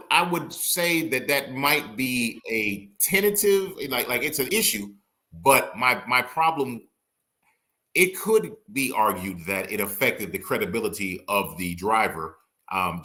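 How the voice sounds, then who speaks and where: A man, an attorney and former prosecutor, talking casually in an interview and acting out courtroom exchanges in quick bursts. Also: medium pitch, expressive, bright, forceful tone.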